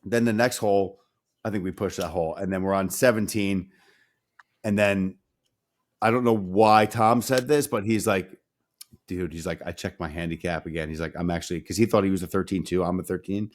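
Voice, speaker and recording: With a low voice and a brisk delivery, this co-host spins a lively yarn on a casual podcast. He curses constantly and voices the characters' lines himself.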